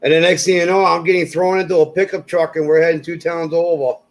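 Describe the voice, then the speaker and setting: A man's voice: fairly high pitch, quick pace, poor audio. A man in casual conversation, telling personal stories and acting out the voices of people he quotes. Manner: animated, acts out quoted voices. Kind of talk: casual storytelling chat.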